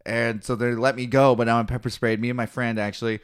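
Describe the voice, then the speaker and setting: A man's voice: medium pitch, little pitch movement, fast talker, clear, resonant tone. A young man co-hosting a podcast, telling profane stories in casual banter and acting out the people in them. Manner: profane storytelling, acts out people with shouted voices. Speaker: podcast co-host.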